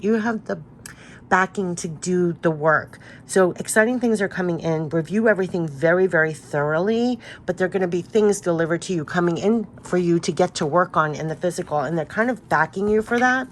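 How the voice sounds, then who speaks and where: A woman's voice: lowish voice, a little hiss or hum. A middle-aged woman doing a casual, rambling spiritual card reading, encouraging and full of "like". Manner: chatty, rambling, encouraging, says "like" often.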